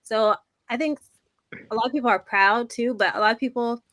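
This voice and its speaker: A woman's voice: fairly high pitch, brisk, a bit bright, dry recording. A young Canadian woman hosting a podcast, chatting with an upbeat, enthusiastic manner. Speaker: podcast host. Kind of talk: casual interview chat.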